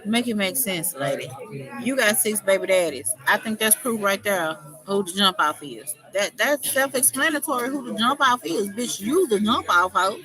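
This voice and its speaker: A woman's voice: mid-range voice, lively intonation, normal speed, crowd noise, low-quality recording. A woman hosting a livestream, scolding someone in a confrontational, profane, unscripted rant. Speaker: livestream host.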